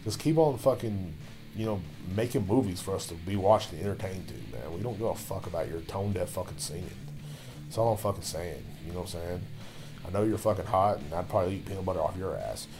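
A man's voice: low voice, fast, over music. A man hosting his own podcast, ranting loosely with constant swearing while he drinks a beer. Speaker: podcast host. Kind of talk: profane solo podcast rant.

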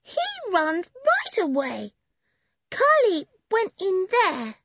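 A woman voicing a tiny, stubborn little boy who calls out in high, drawn-out wails. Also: huge pitch swings, fairly bright tone, no echo, dull audio, full character voice. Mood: wailing.

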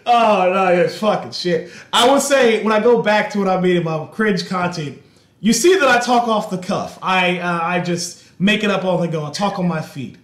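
A young man in his twenties hosts a casual podcast chat in an echoey room. His voice sits high for a man, and he talks loudly off the cuff, swearing freely. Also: moderate pace. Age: 20s. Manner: profane, loud, talks off the cuff. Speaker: host.

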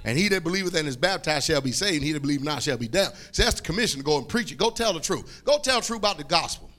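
Preacher guy, high bright voice, hollers and repeats himself, call and response. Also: expressive, racing. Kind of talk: fiery sermon.

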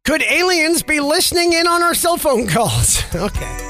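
A man's voice: very high voice, sing-song, normal speed. A man hosting a radio-style podcast, reading out news items and adding wry, sarcastic asides. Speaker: podcast host. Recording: music bed under the voice.

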